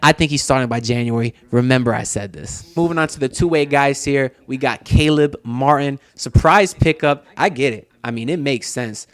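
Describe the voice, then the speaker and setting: A man's voice: medium pitch, normal speed, few pauses, a bit bright, no room sound. A man in an older video talking casually about the team's players, rambling and opinionated. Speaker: host in an old clip. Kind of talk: casual sports commentary video.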